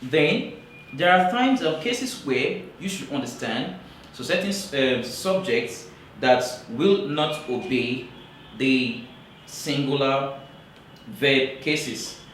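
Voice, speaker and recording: A man teaching English grammar in a classroom lecture, talking slowly and repeating key points for emphasis. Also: mid-range voice, lively intonation, a bit bright, slight background noise. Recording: very echoey room, voice from far off.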